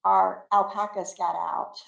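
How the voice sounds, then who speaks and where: An older woman, a great-grandmother, telling lively stories in a casual interview, acting out the quotes and laughing often. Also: mid-range voice, slow, vocal fry, roomy sound, dull audio. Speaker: guest.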